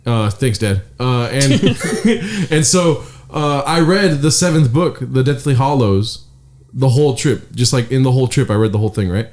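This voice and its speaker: A man's voice: medium pitch, expressive, normal speed, darkish tone. A young man co-hosting a podcast in casual chat, joking with slang and laughing often. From Mexican-American. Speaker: podcast co-host.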